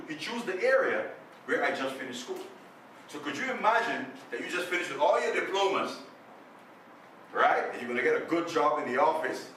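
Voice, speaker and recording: Animated male speaker in an echoey room. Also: a little high. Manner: animated storyteller, acts out quoted voices. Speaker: guest speaker. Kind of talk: motivational storytelling talk. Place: club meeting room. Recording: echoey room, distant mic, faint noise.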